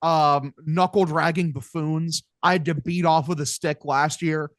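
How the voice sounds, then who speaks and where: A man's voice: a little high, steady tone, measured pace, dry recording, clean studio sound. A man hosting a casual sports podcast, talking bluntly and mockingly, with plenty of swearing. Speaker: podcast host.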